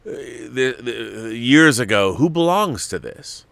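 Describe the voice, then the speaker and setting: A middle-aged man hosting a podcast, telling stories in an animated, emotional way with many restarts. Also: medium pitch, slow, vocal fry, no room sound. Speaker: podcast host. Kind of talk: casual chat.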